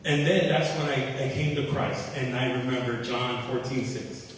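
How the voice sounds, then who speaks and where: In an echoey hall, a man with a mid-range voice gives an earnest personal testimony at a faith-based recovery meeting in church, speaking at normal speed with fairly even intonation. He repeats key phrases and acts out the conversations he remembers. The mic is distant and there's a faint hiss.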